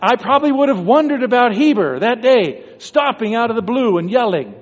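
A man's voice: extremely high pitch, expressive, normal speed. A man giving a devotional talk, telling a story and acting out the thoughts of the people in it. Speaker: religious speaker. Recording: dull recording in a reverberant hall.

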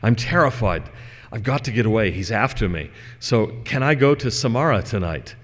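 A man's voice: on the low side, lively intonation, normal speed, a bit bright. A man voicing a terrified male servant who pleads to run away, in a story told during a lecture. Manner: panicked pleading. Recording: long hall reverb.

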